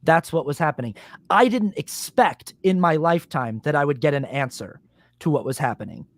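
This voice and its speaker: Man, podcast host, animated pitch, slightly high voice, dry close mic, acts out quotes. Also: normal speed, no echo. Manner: animated storyteller, acts out quotes, swears casually. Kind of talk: casual conversation.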